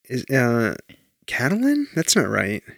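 A man's voice: medium pitch, normal speed, fairly bright tone, no echo, studio quality. A man co-hosting a podcast in casual chat, rambling and swearing freely as he tells stories. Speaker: podcast co-host.

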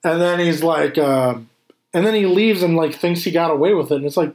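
Casual male talker, fairly high voice, animated and profane. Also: moderate pace. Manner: animated, swears freely, acts out scenes. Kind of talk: casual chat.

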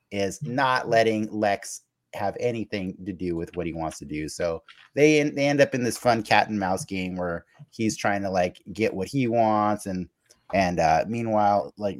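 A man with a somewhat low voice recaps a cartoon episode for a podcast. He rambles in casual chat, stumbling over restarts and filling gaps with fillers as he laughs along. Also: unhurried. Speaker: podcast co-host.

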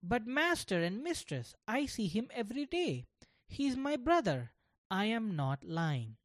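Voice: sing-song, unhurried, dry recording. A storyteller voicing an innocent, earnest young boy in a children's storybook. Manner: pleading, high and earnest.

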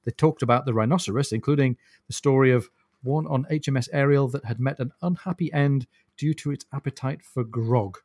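A man's voice: medium pitch, fairly quick, darkish tone, no room sound. Thoughtful man explaining in a dry studio. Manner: thoughtful, explanatory, chuckles often. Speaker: podcast co-host. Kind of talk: casual book discussion.

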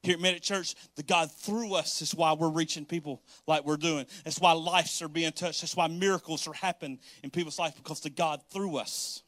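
A man preaching a sermon as pastor, animated and playful, often acting out church members and laughing. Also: fairly high pitch, normal speed, hardly any pauses, no echo, clean studio sound.

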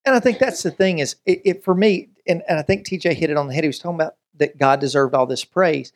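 Guy pastor preaching casual, jokey and animated, does little bits. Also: on the high side, quick pace. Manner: animated and joking, acts out everyday scenes. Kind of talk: conversational sermon.

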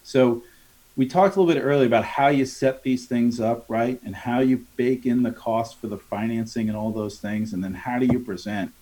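A man with a medium-pitched voice talks as a sales trainer in a relaxed interview. He coaches as he goes, slipping into the voices of customers and salespeople to act out their lines. He keeps checking in with a quick "right?". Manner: coaching tone, acts out customer dialogues, frequent tag "right?". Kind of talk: conversational podcast interview.

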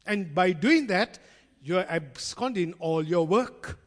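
Animated preacher in an echoing hall. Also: male voice, high-pitched, slow. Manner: conversational, addresses congregation as friends; acts out quoted voices in storytelling. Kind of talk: sermon. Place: church hall. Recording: long reverb in a large hall.

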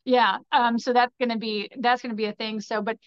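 A fairly high-voiced woman chatting as a podcast guest. She rambles loosely and leans on "like" and "you know". The sound is dry and a little dull and muffled. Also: little pitch movement, fairly quick, smooth, dry recording. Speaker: podcast guest, fashion designer. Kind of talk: casual conversational storytelling.

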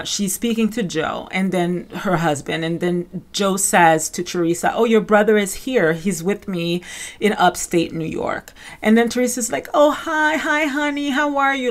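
A woman hosting a casual recap podcast, talking fast and loose with lots of fillers and acted-out quotes. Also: lowish voice. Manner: chatty, many "like" fillers, acts out quotes. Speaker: podcast host.

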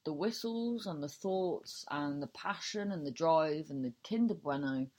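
A low, expressive, slightly mellow voice moves a little slowly through casual solo podcast chat. The host, a comedian, improvises a silly story with many restarts, cursing freely and laughing at herself.

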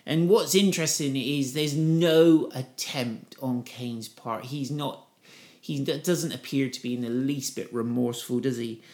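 A man's voice: medium pitch, fairly even intonation, measured pace, a little mellow. A middle-aged man preaching in a conversational way, lifting his voice when reading scripture aloud. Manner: conversational, reads scripture with raised voice for quotes. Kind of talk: informal Bible teaching.

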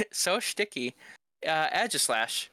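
A man's voice: on the high side, very animated, takes it slowly, pushed and bright, dry recording. A man co-hosting a casual gaming podcast, explaining his picks with enthusiasm. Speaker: podcast co-host.

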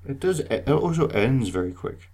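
A man's voice: mid-range voice, big pitch swings, moderate pace, warm tone. A man co-hosting a podcast in casual chat, teasing and laughing often. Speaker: podcast co-host.

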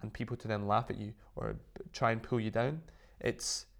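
A man's voice: on the low side, moderate pace, creaky. Chatty male guest telling stories. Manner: animated storytelling, full of "like" fillers. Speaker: interview guest, business owner. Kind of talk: casual interview chat.

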